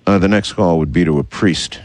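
A man's voice: sits low, brisk, no room sound. A man hosting a radio interview, asking wry, skeptical questions with many hesitations. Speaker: radio host.

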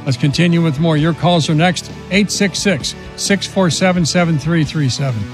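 A man's voice: a little high, moderate pace, over music. Indignant talk radio host man. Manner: indignant, emphatic, mocking.

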